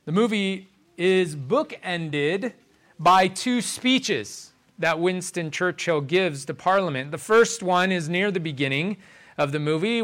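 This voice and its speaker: A man with a high voice preaches to his congregation at an unhurried pace. He speaks deliberately, slowing further to lean on key phrases as he walks through scripture. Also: fairly bright tone. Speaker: pastor. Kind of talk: sermon.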